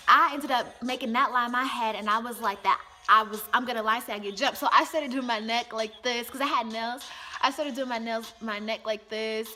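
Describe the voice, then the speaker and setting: A young woman casually telling a personal story to camera, chatty and animated, acting out what people said. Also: on the high side.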